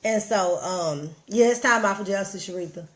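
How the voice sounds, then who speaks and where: Reading viewer comments aloud and addressing them head-on, a Southern US vlogger offers casual, animated motivation with a preachy edge during her livestream. She speaks at a medium pitch and a normal pace.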